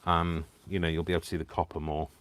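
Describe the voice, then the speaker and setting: A man with a low, deep voice hosts a live crafting stream from home. His talk is giddy and rambling, full of restarts and asides to viewers. He keeps laughing to himself and teasing himself. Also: level tone, fast talker, clear, resonant tone. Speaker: crafting livestream host. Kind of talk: casual live crafting chat.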